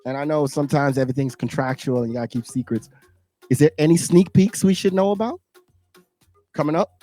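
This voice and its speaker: A man's voice: on the high side, a little fast, warm tone, faint music behind. A man hosting a radio interview, playful and teasing, laughing a lot and talking in casual slang. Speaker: radio show host.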